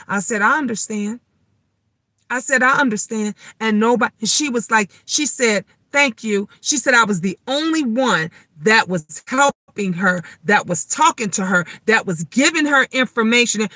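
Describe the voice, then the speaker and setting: Middle-aged woman, live-chat host; bright and punchy, emphatic, swears often, dry close mic. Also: no echo. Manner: emphatic, swears freely, gets louder and higher when riled up. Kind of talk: casual live chat storytelling.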